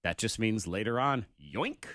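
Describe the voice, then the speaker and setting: A man's voice: on the low side, expressive, measured pace, fairly bright tone, no echo, studio quality. A man hosting a morning radio show, bantering playfully with co-hosts and running a call-in contest. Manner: playful, jokey, runs contests.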